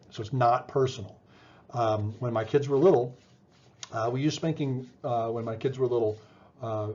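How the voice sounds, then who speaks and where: Middle-aged male lecturer, relaxed warm tone, chatty with restarts, lo-fi classroom recording. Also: lowish voice. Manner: conversational, many fillers and restarts, asks "right?". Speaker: psychology lecturer.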